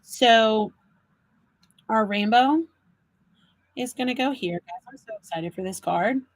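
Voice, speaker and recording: Chatty high-voiced woman demoing crafts. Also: takes it slowly, low-quality recording. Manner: chatty, animated storyteller; talks viewers through each step. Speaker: card-making demo host. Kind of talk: live crafting demo chat.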